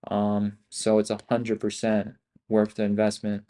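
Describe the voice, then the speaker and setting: A man's voice: fairly low pitch, completely flat delivery, a little slow, mellow, smooth. A man hosting a livestream as an options trader, talking in a hyped, profane, slangy way and repeating himself a lot. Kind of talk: casual livestream talk.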